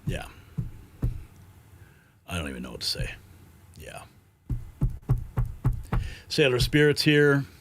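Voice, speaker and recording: A man's voice: medium pitch, huge pitch swings, slow, pauses often, over music. Agitated man hosting a live news stream. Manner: agitated, frustrated, swears, sighs often. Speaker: livestream news host.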